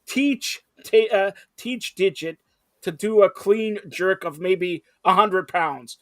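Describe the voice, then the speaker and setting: Teasing male talk-show host, high voice, dry close mic. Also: takes it slowly, a bit bright, dry recording. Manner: playful, teasing, talks over guests. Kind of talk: casual interview chat.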